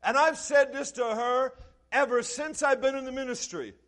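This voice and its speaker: A man preaching a sermon as pastor, swinging between quiet, low passages and loud, shouted lines. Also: moderate pace.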